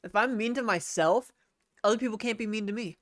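A woman's voice: on the high side, fairly quick, a bit bright, dry recording, clean studio sound. A woman co-hosting a podcast in casual chat, crude and self-mocking, laughing often. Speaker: podcast co-host.

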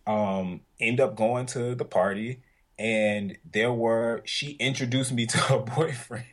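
Co-hosting a podcast, a man with a Southern US accent tells stories in a loose, rambling chat packed with fillers. His voice is mid-range and fairly even, and he takes his time.

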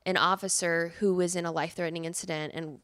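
A woman's voice: on the low side, level tone, fast, fairly bright tone. A young woman guesting on a podcast, chatting casually, with many fillers and restarts.

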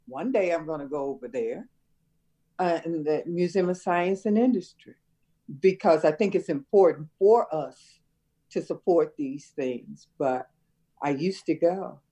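An older woman chatting with her son in a family interview, reminiscing in a warm, teacherly way and laughing easily. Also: low voice, measured pace, husky, low-quality recording. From Chicago area. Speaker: interviewee, mother of the host.

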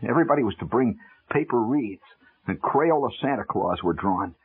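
A man telling a humorous first-person story on the radio, wry and animated, swinging from loud to hushed. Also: mid-range voice, normal speed, husky. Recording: tinny old radio broadcast with music.

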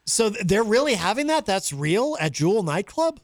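A man's voice: high voice, big pitch swings, normal speed, no echo. A man hosting a talk show in a studio, chatting with guests, reading listener messages aloud and laughing often. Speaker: radio talk show host. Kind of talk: casual studio banter.

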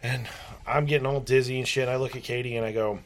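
A man's voice: mid-range voice, fairly even intonation, fast, a little hiss or hum. Regular guy cohost, mid voice, swears a lot, laughs thru his story. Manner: crude, laughs while telling stories. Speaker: podcast co-host. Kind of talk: casual storytelling chat.

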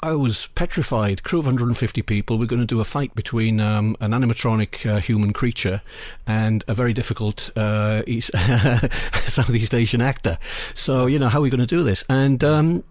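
A man's voice: mid-range voice, normal speed, hardly any pauses, a little mellow, no room sound. A man who works as a film assistant director and lecturer, a podcast guest telling work anecdotes in an emphatic way and repeating himself for weight. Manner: storytelling, emphatic repetition. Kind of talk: anecdotal interview talk.

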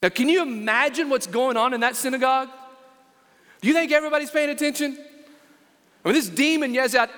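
A man's voice: very high-pitched, a little fast, long pauses, a bit bright. A man, preaching a sermon as senior pastor, emphatic and asking the congregation questions. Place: church sanctuary. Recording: long reverb of a large church.

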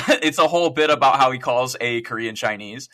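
A man's voice: medium pitch, fairly quick, crowd noise. A man co-hosting a gaming podcast in casual chat, rambling through stories, swearing and laughing at his own jokes. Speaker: podcast co-host.

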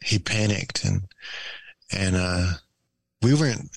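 Gravelly laid-back man telling stories. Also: deep voice, takes it slowly, dry recording, low-quality recording. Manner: relaxed rambling storyteller with many fillers and laughs. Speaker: podcast guest. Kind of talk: casual storytelling chat.

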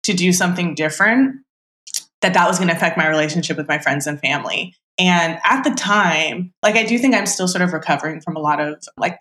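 A woman's voice: lowish voice, a bit bright. A woman in her thirties, a podcast guest talking casually and reflectively, with lots of filler words. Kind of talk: casual chat. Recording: roomy echo.

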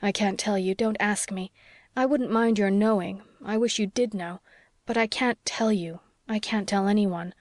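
A woman's voice: medium pitch, normal speed, no room sound, studio quality, natural voice. A woman voicing a restless, passionate young woman in anguish, read with fervent, pleading delivery in an audiobook. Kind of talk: audiobook character reading.

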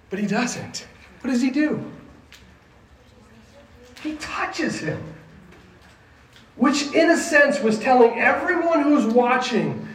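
A man preaching a sermon to a junior high group, emphatic and asking the listeners questions. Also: lively intonation, slow, pauses often. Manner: emphatic, asks the audience questions. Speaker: youth pastor. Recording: echoey room, mic at a distance, faint ambience.

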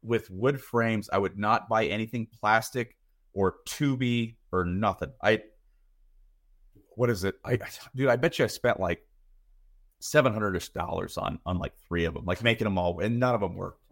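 A man's voice: fairly low pitch, moderate pace. A man in his thirties, a podcast guest talking casually and rambling, often repeating words as he thinks. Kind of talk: casual chat.

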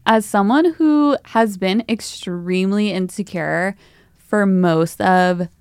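A woman's voice: medium pitch, slow pace, a little mellow, clean tone, no echo, studio quality. A young woman in her twenties, a guest in a casual chat, laughing easily.

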